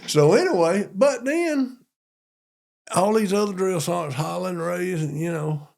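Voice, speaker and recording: A man's voice: high voice, a little slow, creaky. An older man with a Southern accent, a police chief from Georgia, telling army stories in a folksy, repetitive way during an interview. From Monroe, Georgia. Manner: folksy, repetitive, animated retelling. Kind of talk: storytelling in an interview.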